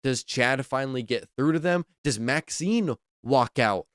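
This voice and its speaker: A man's voice: mid-range voice, lively intonation, measured pace, dry recording, studio quality. A man hosting a wrestling podcast, giving casual, enthusiastic opinion commentary, repeating himself and saying "like" a lot.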